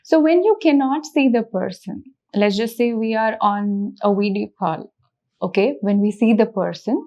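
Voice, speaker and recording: A woman's voice: mid-range voice, moderate pace, dark tone, dull audio. A woman teaching a language lesson, patiently repeating words and breaking them into syllables. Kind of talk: slow spoken language lesson.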